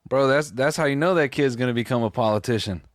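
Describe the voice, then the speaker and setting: A man's voice: mid-range voice, fast, no room sound, clean studio sound. A man reacting casually on a live stream, laughing often and swearing freely.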